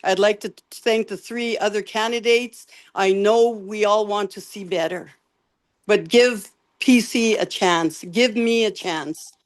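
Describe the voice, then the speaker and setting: An older woman, a candidate giving an emotional, halting closing statement over a video call, often repeating words. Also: mid-range voice, fairly even intonation. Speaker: election candidate.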